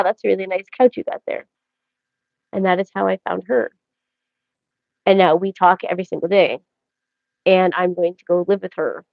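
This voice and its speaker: A woman's voice: mid-range voice, gravelly, no room sound. A woman hosting a casual livestream, rambling and joking as she talks straight to her viewers. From Canada. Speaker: livestream host. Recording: dry, dull lo-fi audio.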